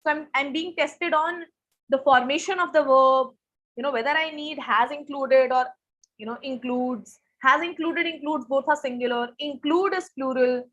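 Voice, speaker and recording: Brief: high-pitched young woman, online SAT grammar teacher who quizzes her class. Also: moderate pace, a bit bright, highs cut off. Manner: asks students questions, reads answers from chat. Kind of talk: live online grammar lesson.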